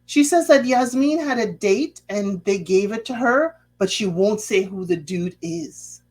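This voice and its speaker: A woman's voice: mid-range voice, a little slow. A woman hosting a casual reality-show recap, chatty and sassy, acting out what people said and tossing in pointed asides. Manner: sassy, chatty, drops asides and rhetorical questions; acts out quoted lines in a lively voice. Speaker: TV recap host.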